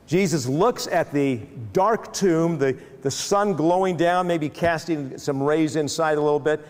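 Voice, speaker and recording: A man retells a Bible story as a lecture, animated, and often restarting his phrases. His voice sits fairly high for a man. A long hall reverb trails behind his words. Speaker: speaker.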